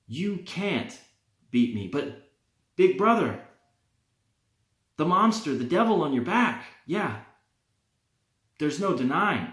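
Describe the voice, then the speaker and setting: A man's voice: a little high, sing-song, slow pace, pauses often, fairly bright tone, echoey room, pitched above the performer's own voice, full character voice. A man doing a cocky, taunting wrestler. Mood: mocking. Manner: mocking, sarcastic. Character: cocky male wrestler taunting his rival.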